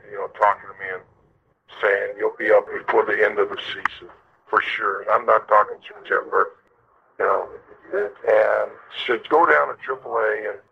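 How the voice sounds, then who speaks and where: A man's voice: lowish voice, creaky. An older man, a former ballplayer, telling stories in an interview, rambling with many fillers and restarts. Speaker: former baseball player, interviewee. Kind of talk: storytelling interview. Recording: dull lo-fi recording.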